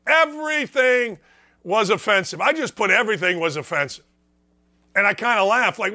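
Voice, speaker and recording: High, bright-voiced ranting radio man. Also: lively intonation, moderate pace. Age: middle-aged. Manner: blunt, ranting, sarcastic. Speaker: sports radio host. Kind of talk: opinionated sports talk radio monologue. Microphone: studio microphone with earpiece.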